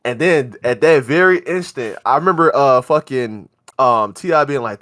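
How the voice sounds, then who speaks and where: A man's voice: medium pitch, quick pace. Slangy young man telling a story. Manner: animated, slangy, acts out quoted lines. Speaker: podcast co-host. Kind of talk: casual storytelling chat.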